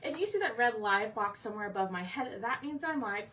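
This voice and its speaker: A woman's voice: a little high, expressive, fairly quick, bright, forceful tone, far from the mic. A woman hosting a craft livestream, chatty and a bit scattered, out of breath as she talks to viewers. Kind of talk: casual livestream chat. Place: home craft room.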